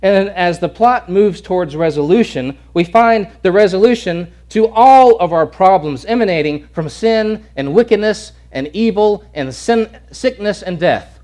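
Dramatic preacher man, booming to hushed. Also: expressive, measured pace, hardly any pauses. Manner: dramatic, swings from booming shouts to hushed near-whispers; repeats words, acts out crowd and Pilate. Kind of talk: sermon.

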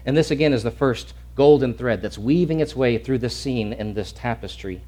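Guy pastor preaching, mid-pitched voice, earnest and emphatic, keeps restarting and repeating himself. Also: normal speed, warm tone. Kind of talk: sermon.

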